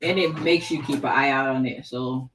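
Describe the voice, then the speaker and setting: A woman's voice: extremely low pitch, normal speed, background noise. A middle-aged woman hosting a craft livestream, chatting casually and expressively with viewers and calling them by name. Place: craft room.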